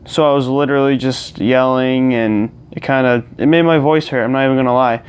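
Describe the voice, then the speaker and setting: A young man talks loosely to his viewers while he plays a game, rambling along with fillers and restarts. His voice is smooth and clear at a middle pitch. He is recorded close up on a clip-on lapel mic plugged into a phone. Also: fairly even intonation, fairly quick. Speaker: gaming vlogger. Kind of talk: casual chat to camera while gaming.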